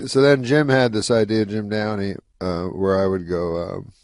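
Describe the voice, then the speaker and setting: A comedian telling a rambling anecdote on a talk show, deadpan and full of "you know" and "uh". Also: male voice, on the low side, normal speed, no echo, studio quality. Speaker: comedian guest.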